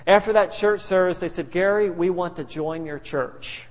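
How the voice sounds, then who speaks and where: A high-voiced male pastor talks at a normal speed, recounting humorous stories in a sermon and chuckling as he goes off on asides. Reverb from the hall is audible.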